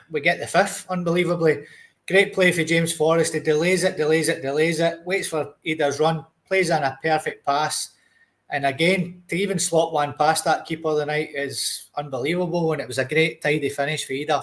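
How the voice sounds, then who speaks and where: A man's voice: a little high, steady tone, moderate pace, a bit bright. A young Scottish man co-hosting a podcast, talking football bluntly and casually. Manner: blunt, says mate a lot. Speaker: podcast co-host.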